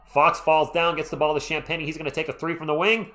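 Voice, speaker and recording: A man's voice: a little high, flat delivery, quick pace, bright, forceful tone. A man hosting a live stream, giving casual fan play-by-play of a basketball game and chatting with viewers between plays.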